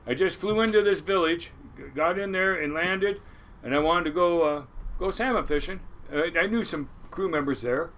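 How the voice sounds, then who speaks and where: Speaking at a normal speed in a fairly high voice, a man in his sixties who captains a crab boat relates his life in an interview. He's animated and salty, acting out whoever he quotes.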